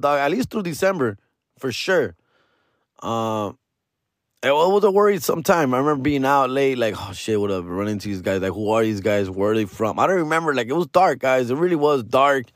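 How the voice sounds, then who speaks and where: With a medium-pitched voice, a middle-aged man relates a story on a podcast in easygoing fashion, slipping Spanish into slang-heavy English and dubbing the listener "fool" and "dog." The sound is dry and clean, studio grade.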